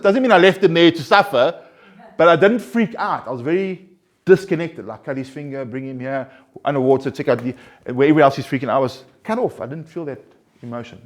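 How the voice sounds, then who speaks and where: A man's voice: medium pitch, lively intonation, fast talker. A man counseling a recovery group, talking earnestly and conversationally, often restarting and pressing his points with rising emphasis. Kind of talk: informal group talk.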